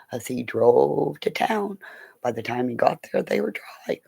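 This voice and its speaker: A woman's voice: extremely low pitch, lively intonation, a little slow, gravelly, dark tone, slightly rough. A middle-aged woman rambling in a casual monologue, swearing freely and often dropping into whispers. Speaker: vlogger.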